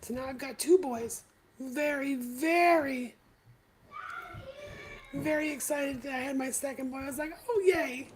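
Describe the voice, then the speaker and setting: High-voiced woman telling her story. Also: steady tone, slight background noise, poor audio. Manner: candid, confessional, halting. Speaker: podcast host. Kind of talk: personal storytelling on a live stream.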